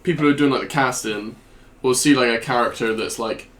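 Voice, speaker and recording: A man guest on a casual podcast who talks quickly and bluntly, stating his opinions plainly. His voice sits at a middle pitch and sounds set back from the microphone. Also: fairly bright tone, distant mic. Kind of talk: casual chat.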